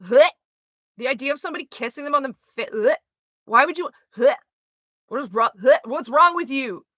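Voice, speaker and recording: Bright-voiced young woman, rambling streamer chat. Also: high-pitched, expressive, moderate pace, no echo. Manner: rambling, swears freely, trails off mid-sentence. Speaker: livestreamer reading chat. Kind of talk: casual chat with a live audience. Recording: slightly dull lo-fi mic.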